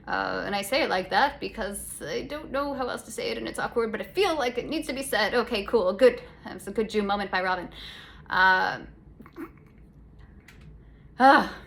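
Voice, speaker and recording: A woman's voice: mid-range voice, moderate pace, vocal fry, a bit bright. A young adult woman from Canada, hosting a casual solo podcast chat in a sarcastic, rambling way with lots of self-corrections. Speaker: podcast host. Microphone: phone.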